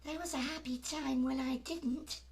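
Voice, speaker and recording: A man voicing a prim, dutiful young village maid in a comic operetta, in a melodramatic falsetto, recorded in his room at home. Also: fairly even intonation, normal speed. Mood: earnest. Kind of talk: comic operetta dialogue, one-man performance.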